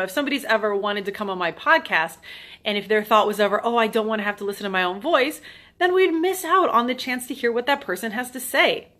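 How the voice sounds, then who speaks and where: A woman's voice: medium pitch, bright, forceful tone. A woman in her thirties hosting a solo podcast, talking in a chatty, self-deprecating way and acting out little quoted thoughts. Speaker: podcast host. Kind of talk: casual solo podcast monologue.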